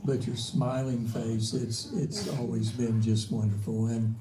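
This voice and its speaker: A man chairing a city council meeting, speaking politely with many halting uh's and restarts. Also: medium pitch, fairly even intonation, a loud crowd. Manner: halting, filler-heavy, polite. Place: council chamber. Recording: roomy chamber, voice from far off.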